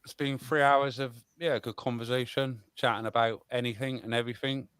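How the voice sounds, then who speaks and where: A man's voice: medium pitch, steady tone, a little fast, a bit bright, smooth, no room sound. A man with a British accent hosting a laid-back livestream, chatting and thanking his viewers one by one. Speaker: livestream host. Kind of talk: casual livestream chat.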